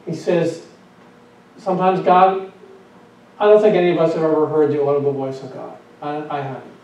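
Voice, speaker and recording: A man preaching a sermon as pastor, asking rhetorical questions, repeating his phrases and letting lines trail off softly. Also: on the high side, steady tone, normal speed, very echoey, distant mic, poor audio.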